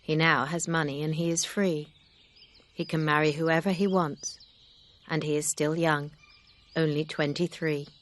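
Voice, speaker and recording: A woman voicing a grave, kind gentleman suitor in an audiobook reading, speaking in a steady, sincere way. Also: low-pitched, unhurried, a little hiss or hum.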